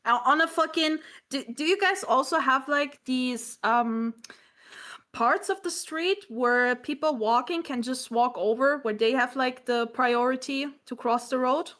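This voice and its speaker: A young woman with a high-pitched voice chats on a casual podcast. She swears freely, laughs often and trails off into restarts as she tells her stories. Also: measured pace, fairly bright tone. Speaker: podcast host. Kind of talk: casual chat.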